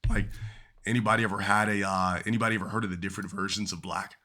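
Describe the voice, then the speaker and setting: A man's voice: on the low side, fairly even intonation, quick pace, bright, forceful tone. A man streaming, ranting casually to his chat in a rambling, profane way that keeps trailing off.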